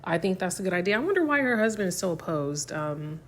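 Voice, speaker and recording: Recap host: young adult woman, slightly low voice, chatty and filler-heavy. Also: very animated, quick pace, a bit bright, slight background noise. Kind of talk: casual recap commentary.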